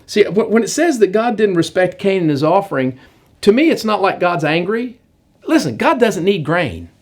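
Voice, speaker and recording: Animated male preacher. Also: high-pitched, moderate pace. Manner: animated storytelling, acts out characters. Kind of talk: sermon.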